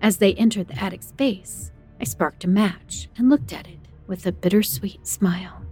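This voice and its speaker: A woman's voice: medium pitch, moderate pace, a little mellow, breathy edge, faint music behind. A woman narrating a first-person horror story in a tense, dramatic way.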